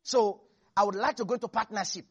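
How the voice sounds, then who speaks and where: A preacher giving a lively sermon, swinging between loud exclamations and quiet low asides, often laughing. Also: fast, breathy edge, highs cut off. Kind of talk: animated sermon.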